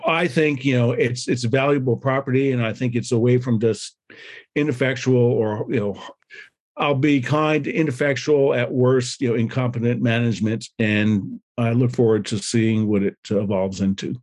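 A man's voice: mid-range voice, fairly even intonation, moderate pace, darkish tone. A man co-hosting a casual panel discussion in a wry, easygoing way. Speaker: co-host.

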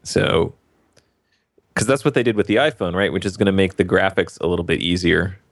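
Male podcast co-host, very deep gravelly voice, dry sound, wry questions. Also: fairly quick, no room sound. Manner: wry, questioning, laughs easily. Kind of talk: casual tech podcast chat.

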